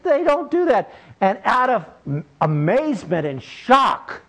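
Male preacher, sermon storytelling, emphatic, somewhat high voice. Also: low-quality recording.

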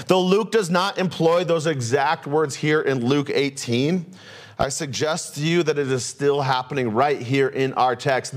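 A man pastor preaching a sermon, asking rhetorical questions and shifting his pace and pitch often. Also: measured pace.

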